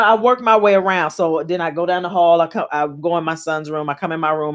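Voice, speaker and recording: A woman, hosting a spiritual talk show from her home on camera, talking in a chatty, excitable way and often laughing. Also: fairly low pitch. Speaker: spiritual podcast host. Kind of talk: casual chat, reading aloud and teaching.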